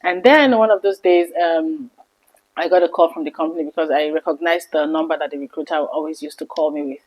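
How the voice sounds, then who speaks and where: A woman in her thirties telling a personal story to camera in an earnest, emotional vlog, her voice often dropping soft. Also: deep voice, a little fast, rough recording. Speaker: vlogger.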